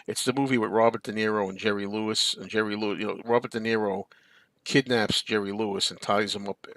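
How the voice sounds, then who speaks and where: A man's voice: on the low side, fairly even intonation, a little fast, a bit bright, no echo. A man hosting a casual live-stream chat, rambling and answering viewer comments. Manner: rambling, chatty, reads viewer comments aloud. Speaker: show host.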